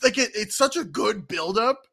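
Bright, lively woman gushing with laughter. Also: mid-range voice, normal speed, gravelly, breathy edge. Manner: laughs often, gushing, filler-heavy. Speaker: podcast co-host. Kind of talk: casual chat recapping a TV episode.

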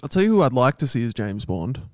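A man co-hosting a podcast, goofy and quick with deadpan quips in casual banter. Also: medium pitch, dry recording, clean studio sound. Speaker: podcast co-host.

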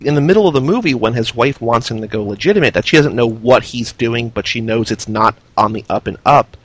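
A man's voice: medium pitch, expressive, a little fast. A man hosting a film podcast, talking through a movie in a casual, analytical, rambling way.

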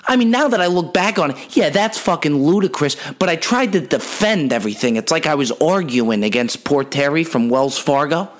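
Man, comedy podcast host, brash and profane, rambling jokey monologue, slightly high voice. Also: lively intonation, moderate pace, few pauses.

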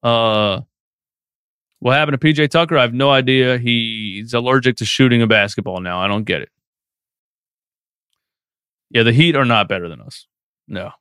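A man's voice: medium pitch, moderate pace, pauses often, fairly bright tone, clear, resonant tone, no room sound, studio quality. A man hosting a live post-game sports stream, reading chat questions and ranting with feeling. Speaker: sports podcast host.

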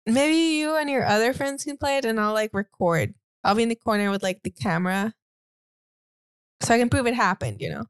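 A woman's voice: fairly high pitch, fairly quick, clean tone, no echo. Skeptical woman podcast co-host, dry sound. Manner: skeptical, joking, rambling. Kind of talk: casual podcast chat.

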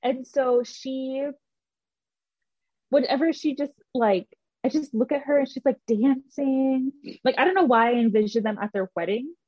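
A young woman in casual chat, relaxed and reflective, with lots of fillers. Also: sits high, moderate pace, no room sound. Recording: dry, dull lo-fi sound.

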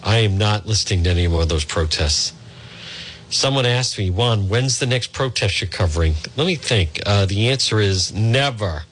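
A man's voice: fairly low pitch, lively intonation, moderate pace, a bit bright, slight background noise. A man hosting a talk radio show, blunt and sarcastic, heckling the news he reads. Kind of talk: opinionated radio commentary.

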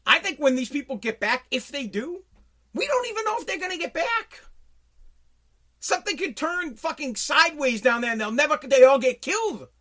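A man's voice: very high voice, big pitch swings, moderate pace, bright, forceful tone. A man giving a heated, profane political rant as a commentator.

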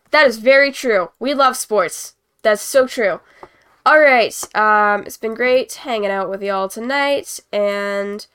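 A young woman with a slightly high, somewhat bright, smooth voice hosts a casual hockey chat on a livestream. Painting as she goes, she rambles, giggles, and makes fun of herself.

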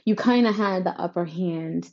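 A woman's voice: lowish voice, normal speed, a little mellow, lo-fi sound. A woman giving a horoscope reading straight to her listeners, emphatic and reassuring, often tagging her points with "right?". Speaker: astrology reader. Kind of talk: tarot-style horoscope reading to camera.

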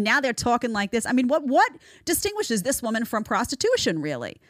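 A woman's voice: on the high side, wildly swooping pitch, fast talker, hardly any pauses, no echo, clean studio sound. A woman hosting a reaction commentary show, talking emphatically and repeating phrases for stress. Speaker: host. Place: studio in Florida.

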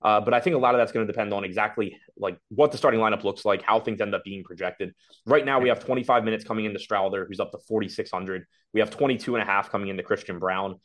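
A man's voice: on the low side, fairly bright tone. A man co-hosting a fantasy basketball show, thinking aloud as he breaks down player ownership and projections. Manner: rapid, analytical, thinking aloud. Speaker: fantasy sports podcast co-host. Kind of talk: casual sports betting chat.

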